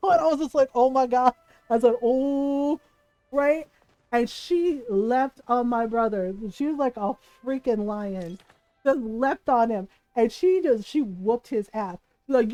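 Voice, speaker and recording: Woman streamer, animated storyteller, high pitch, dry room, faint game music behind. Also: unhurried, no room sound, rough recording. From Filipino family. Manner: animated storyteller, swears freely, laughs often. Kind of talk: casual live-stream chat.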